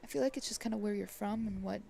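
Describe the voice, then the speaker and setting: A woman's voice: mid-range voice, quick pace, vocal fry, dark tone, slight background noise. A woman commentating a live pool match in a chatty way, often checking in with "right?". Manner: chatty, tags lines with "right?".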